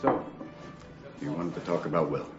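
A man's voice: very deep voice, expressive, moderate pace, roomy sound. An actor playing a joking, easygoing male therapist in film dialogue. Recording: muffled film audio with music.

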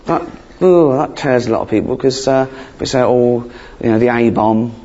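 A man doing a stand-up comedy routine, rambling and sweary, with deadpan asides that break into shrill outbursts. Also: normal speed. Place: theatre stage before a laughing crowd. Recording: dull live recording with loud audience.

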